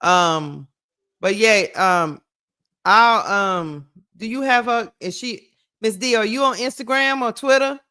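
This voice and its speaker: A woman's voice: fairly high pitch, slow pace, sharp tone. A woman co-hosting a casual sports livestream, upbeat and encouraging, laughing often. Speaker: podcast co-host.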